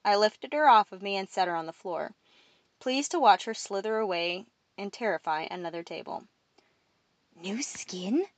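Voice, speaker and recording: A woman reads a fantasy novel aloud in first person, keeping a steady storytelling pace. Her pitch sits in the middle, and the recording is close and dry with no room sound. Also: normal speed, no room sound. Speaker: audiobook narrator.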